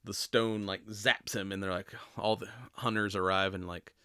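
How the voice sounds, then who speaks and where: A man's voice: sits low, little pitch movement, normal speed, bright, forceful tone, clean tone, no echo, clean studio sound. A man hosting a podcast alone, recapping a movie in a casual, rambling way, full of fillers and offhand swearing. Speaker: podcast host.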